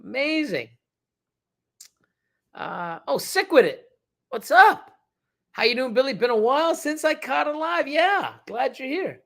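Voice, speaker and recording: A man's voice: extremely high pitch, lively intonation, measured pace, creaky, a bit bright. A middle-aged man hosting a casual livestream, rambling with many fillers and restarts as he reads the chat. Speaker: reptile breeder hosting a livestream.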